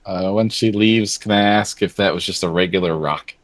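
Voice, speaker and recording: A man's voice: sits low, normal speed, dry recording. A man playing in a tabletop game, chatting casually and hesitantly. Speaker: player.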